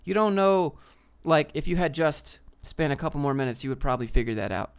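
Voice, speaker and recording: A man's voice: on the high side, animated, a little fast, vocal fry, clean tone. A man hosting a casual livestream, reading chat questions aloud and answering in a rambling, joking way.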